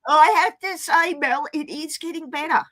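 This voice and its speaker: A woman's voice: sits high, normal speed, a bit bright, no echo, rough recording. A woman in her forties hosting a casual chat, teasing and chatty. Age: 40s.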